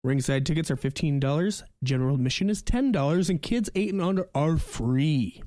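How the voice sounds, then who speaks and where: A man's voice: a little high, brisk, no room sound, studio quality. A man co-hosting a podcast, joking around in casual chat and reading sponsor spots. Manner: animated, joking banter. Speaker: podcast co-host.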